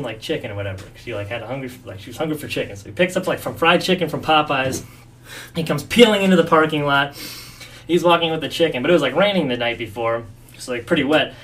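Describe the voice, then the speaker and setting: A man on a casual sports podcast who talks quickly and slightly high, telling anecdotes with lively acted-out quotes. His voice sits a little back from the mic. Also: recorded from a distance. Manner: animated storyteller acting out quotes. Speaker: podcast co-host.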